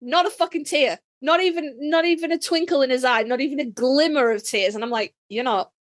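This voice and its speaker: High-voiced emphatic woman co-host. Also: brisk. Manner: emphatic, swears freely. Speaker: podcast co-host. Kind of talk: casual chat.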